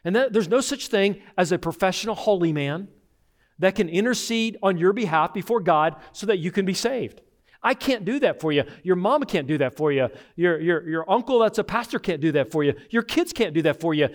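A man's voice: sits high, very animated, moderate pace. A middle-aged man, a pastor, preaching a sermon in an earnest, direct way with repeated phrases.

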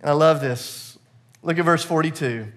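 A man preaching a sermon to his church with a high, light voice. He talks in an animated, loose way, chuckling often, stacking fillers and repeating words as he builds each point. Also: normal speed. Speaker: pastor. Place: church service.

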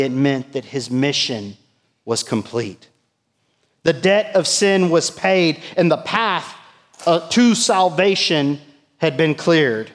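Middle-aged man, pastor, sermon, slow deliberate delivery, slightly high voice, emphatic peaks and hushed drops, church reverb.

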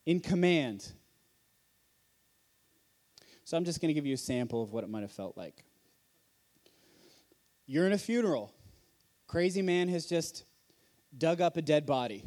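A man with a high-pitched voice preaches a sermon at a conference, speaking in a hall. He talks earnestly and conversationally, leaning on rhetorical questions to draw in the room. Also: animated, normal speed, long pauses, a little mellow.

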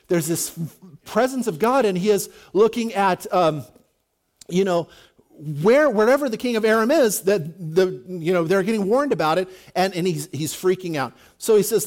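A man's voice: high-pitched, a little mellow. A male pastor giving a conversational sermon, with jokey asides and frequent restarts.

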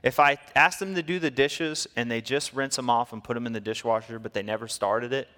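A man preaching a sermon, telling stories in a lively way and acting out the people in them. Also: medium pitch, fairly quick, in a large hall. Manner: storytelling, animated, acts out quotes. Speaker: pastor.

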